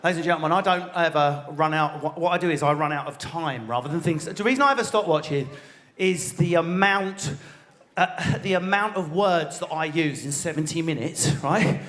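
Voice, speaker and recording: A man in his forties with an Essex accent doing a crude, rapid-fire stand-up routine on a theatre stage, leaping into squeaky voices. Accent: Essex English. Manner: rapid, animated, crude riffing with squealed voice jumps. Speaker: stand-up comedian.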